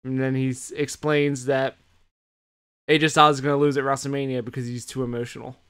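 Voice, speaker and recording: A man co-hosting a podcast, swearing freely in an animated, casual recap of the week. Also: medium pitch, a little fast, clear, resonant tone. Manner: animated retelling, heavy swearing. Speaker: podcast co-host. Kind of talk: casual chat recapping wrestling.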